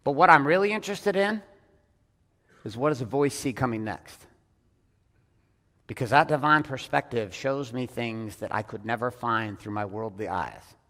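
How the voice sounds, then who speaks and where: A man leading a business audience as a coach, talking bluntly and with lots of swearing, swinging between loud emphatic bursts and hushed, intense passages. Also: mid-range voice, animated, normal speed, long reverb tail. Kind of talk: profane motivational talk on stage.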